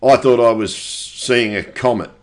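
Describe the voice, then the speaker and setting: A man's voice: mid-range voice, unhurried. A middle-aged man delivering a rambling, profane, insistent monologue for his video channel. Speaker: conspiracy video maker.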